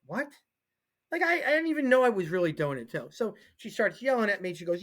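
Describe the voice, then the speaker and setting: A man in his forties co-hosting a sports talk show, telling rambling, self-deprecating stories in an excitable, casual way. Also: high-pitched, a little fast. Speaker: co-host and football coach.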